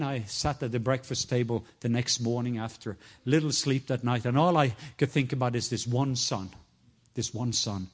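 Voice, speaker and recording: A middle-aged man preaching, telling a personal story in a sermon, sometimes soft and hushed, and rising high when he quotes others.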